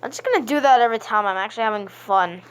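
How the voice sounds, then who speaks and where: A young woman playing a game and chatting casually to her viewers, playful, sometimes singing with deliberate voice cracks. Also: on the high side. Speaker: gaming vlogger. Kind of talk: casual gaming commentary.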